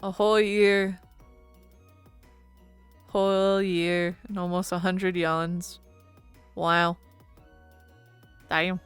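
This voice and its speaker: A woman's voice: on the low side, flat delivery, extremely slow, pauses often, clear, resonant tone, dry recording, soft background music. A woman streaming, chatting casually and giggling with her viewers, swearing now and then. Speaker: VTuber streamer.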